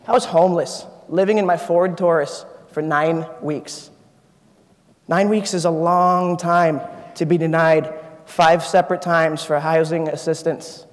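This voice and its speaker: On a conference auditorium stage, an engineering student in his 20s gives a motivational keynote in a high voice. His storytelling is earnest and personal, driven by emphatic repetition, while the big hall leaves a long, lingering reverb.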